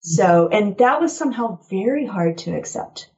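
A woman guest on an interview show, telling personal stories in an animated way and laughing often. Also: medium pitch, normal speed, highs cut off. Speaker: guest author. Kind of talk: casual interview chat.

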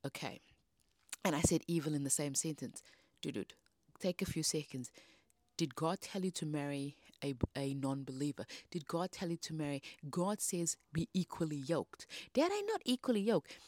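A woman's voice: low-pitched, moderate pace, a little mellow, no room sound. A woman hosting a devotional podcast, teaching in a feisty, emphatic preaching manner with rising bursts. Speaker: podcast host.

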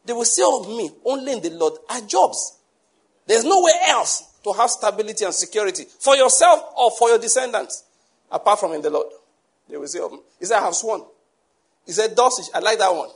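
A man preaching a sermon to a congregation, lively, acting out the people he quotes and laughing often. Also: high voice, fairly quick, husky. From Nigeria. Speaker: pastor.

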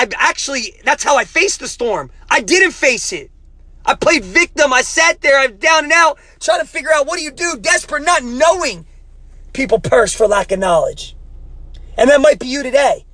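A man hosting a motivational podcast as a life coach, talking in an emphatic, preacher-like way, often saying "man" and rising to near-shouting at the peaks. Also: very high-pitched, no echo.

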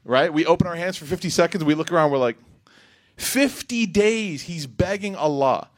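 A man giving an Islamic reminder talk in a lively, rhetorical way, breaking into quick Arabic recitation. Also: a little high. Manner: animated, rhetorical, acts out quotes. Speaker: religious speaker.

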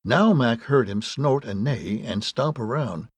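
A man narrating an audiobook with wry, deadpan storytelling and a gravelly, husky voice. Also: medium pitch, unhurried, no echo. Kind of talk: scripted narration.

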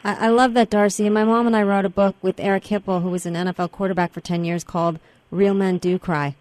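A woman co-hosting a radio talk show, chiming in briskly and agreeably. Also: mid-range voice, flat delivery, darkish tone. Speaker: radio co-host.

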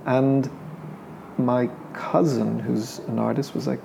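A man's voice: medium pitch, flat delivery, takes it slowly, vocal fry, mellow, a little hiss or hum. A middle-aged Irish man, his accent carrying an English lilt, talking casually about his life in an interview, hesitant and full of restarts. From Ireland. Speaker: painter being interviewed.

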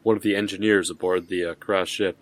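A man playing a tabletop game in character, speaking plainly with hesitant pauses. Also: deep voice, steady tone. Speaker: player. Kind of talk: in-character tabletop role-play.

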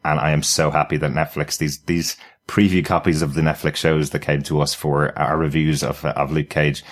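A man's voice: extremely low pitch, level tone, moderate pace. A man co-hosting a podcast, chatting enthusiastically about a TV series and repeating words as he thinks. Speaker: podcast co-host reviewing a TV series. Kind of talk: casual review chat.

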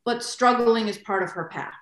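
Middle-aged woman co-host, earnest and emphatic, a fairly high voice with a roomy echo. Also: normal speed. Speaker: podcast co-host. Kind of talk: casual chat. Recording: echoey room.

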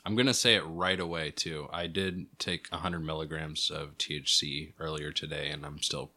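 Producer guy, super deep voice, laid back and deadpan. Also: moderate pace. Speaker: podcast producer. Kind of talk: casual chat.

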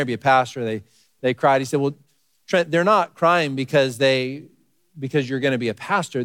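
A man preaching in an earnest, conversational way, turning often to speak straight to the kids in the pews. His voice sits a little high for a man. The sound is dry and close, with little room echo. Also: fairly bright tone. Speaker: pastor. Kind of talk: sermon.

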